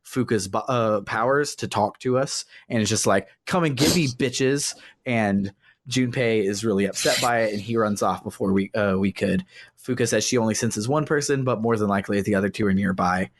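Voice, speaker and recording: A man's voice: fairly low pitch, dry recording. A man casually recapping a video game's story on a podcast, rambling with fillers and acting out quotes. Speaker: podcast host recapping a game. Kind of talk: casual chat.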